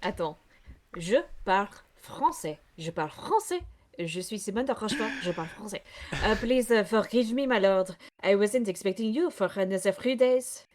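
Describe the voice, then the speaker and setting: Woman putting on a French noblewoman, put-on French accent, flustered, stumbling, mid-pitched. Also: lively intonation, normal speed, a little mellow, lightly acted. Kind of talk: reading game dialogue aloud in character.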